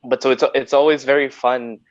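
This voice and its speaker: A man's voice: mid-range voice, little pitch movement, a little fast, no echo. A man from Honduras whose first language is Spanish, a podcast guest chatting playfully and fond of putting on voices. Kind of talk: casual chat. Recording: dull dry lo-fi audio.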